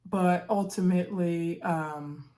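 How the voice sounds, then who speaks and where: A woman casually recapping a reality TV episode, chatty and animated, acting out what the cast said and calling out to her viewers. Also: on the low side, takes it slowly, slight background noise. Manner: chatty, animated, acts out quotes of cast members; uses "y'all" and "girl".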